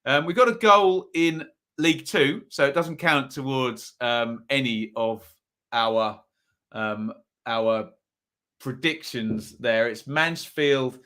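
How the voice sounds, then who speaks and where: A man's voice: mid-range voice, takes it slowly, sharp tone. A man hosting a live football watchalong stream, chatting casually and rambling, with lots of ums and self-corrections. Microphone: phone or desk mic at a home setup.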